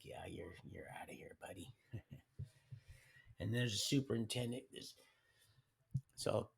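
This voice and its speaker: A man with a medium-pitched, slightly bright voice narrates his life casually during a live stream, heard through a streaming mic. He rambles in a colloquial way and frequently restarts what he's saying.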